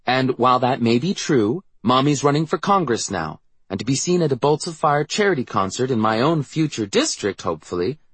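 A man voicing a brisk, impatient mother running for office, firm with her children. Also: mid-range voice, very animated, fairly bright tone, slightly rough, no echo, voice pushed up. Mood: patient.

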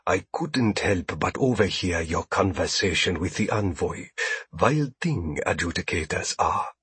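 A man's voice: low-pitched, expressive, measured pace, a bit bright, husky, no room sound, full character voice. A man voicing an obsequious little alien trader in an audiobook, fawning and effusive, often repeating his words. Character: obsequious small alien trader, fussy male.

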